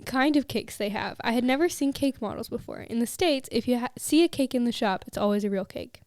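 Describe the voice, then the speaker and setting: A woman co-hosting a podcast, reading listener stories aloud and chatting with a giggly, animated manner. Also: a little high, brisk, dry recording. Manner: giggly, animated when amused. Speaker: podcast co-host.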